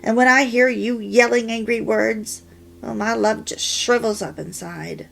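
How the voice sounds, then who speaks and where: A woman reading the part of a hurt husband who speaks hesitantly and haltingly. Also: on the high side, fairly even intonation, vocal fry, fairly bright tone, heavily acted. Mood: hurt, earnest. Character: remorseful husband, a working man.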